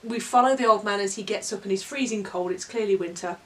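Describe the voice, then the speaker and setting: A woman co-hosts a relaxed book review. She talks expressively and reads passages with drama. Her voice sounds slightly far from the microphone, at a middle pitch. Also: quick pace. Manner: expressive storyteller, dramatic when reading aloud. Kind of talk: casual book review chat. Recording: voice a little far from the mic.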